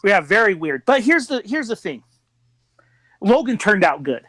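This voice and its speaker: A man's voice: high voice, sing-song, moderate pace, a bit bright, dry recording. A young man co-hosting a podcast, chatting casually with upbeat, jokey banter. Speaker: podcast co-host. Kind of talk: casual chat.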